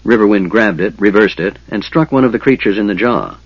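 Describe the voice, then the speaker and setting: An audiobook narrator, male, reads fantasy text in a calm, measured manner. His husky voice sits low, and the dry, slightly dull recording carries no room sound.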